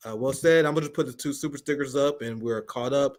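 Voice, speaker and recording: A man's voice: mid-range voice, fast, few pauses. A man hosting a live political commentary stream, talking bluntly and with profanity. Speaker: host.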